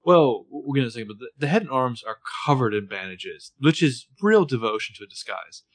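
Guy with a bouncy expressive voice chatting through a tv recap. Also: mid-range voice, a little fast. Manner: expressive, quotes characters in raised voices. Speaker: podcast co-host. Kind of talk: casual recap chat.

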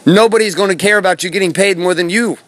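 A man's voice: sits high, quick pace, fairly bright tone, no room sound. A man delivering a punchy, preachy motivational talk as a podcast host, swearing for emphasis. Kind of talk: motivational monologue. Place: outdoors in a forest. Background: birds and bees.

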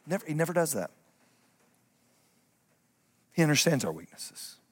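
A man preaching from a church platform, his fairly high voice ringing with a long reverb around the sanctuary. He hammers home short refrains and swings between quick bursts and slow, deliberate lines. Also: sing-song. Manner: emphatic preaching with repeated refrains, speeding up and slowing down. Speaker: pastor. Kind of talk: sermon.

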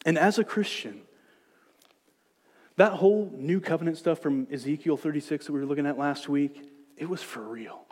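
A man preaching a sermon as pastor, moving between hushed, gentle reassurance and loud, emphatic exhortation. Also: fairly high pitch, moderate pace, husky, long reverb tail. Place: church sanctuary.

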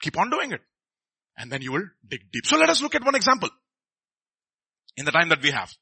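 A man's voice: on the high side, huge pitch swings, fairly quick, creaky, sharp tone, slightly rough. A middle-aged man, preaching a sermon in a conversational way and often asking the congregation questions.

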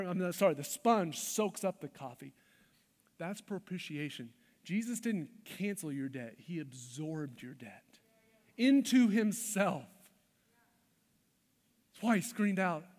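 Male pastor, high-pitched, emphatic sermon delivery in a church hall with long reverb. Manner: emphatic, shifts between loud stresses and hushed lines.

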